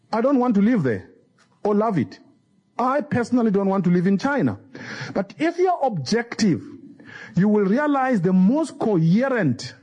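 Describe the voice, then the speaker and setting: A man with a husky voice giving an emphatic, digressive talk. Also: sits high, mellow. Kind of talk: speech clip.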